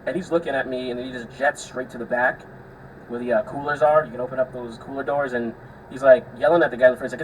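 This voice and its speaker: A man's voice: medium pitch, fairly even intonation, fast. Profane, rambling young man. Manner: profane, rambling storyteller with frequent filler words. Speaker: podcast host. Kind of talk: casual solo storytelling. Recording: distant mic with faint air-conditioner hum.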